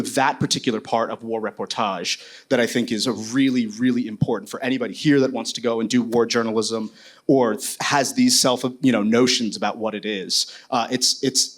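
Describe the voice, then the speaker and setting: A man speaking as a war correspondent on a panel, telling his story candidly and casually, with many fillers and restarts. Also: mid-range voice.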